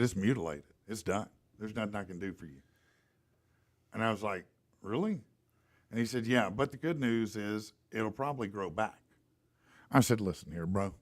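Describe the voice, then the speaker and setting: Animated man telling a story. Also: on the low side. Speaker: podcast host. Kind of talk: casual storytelling and live ad read.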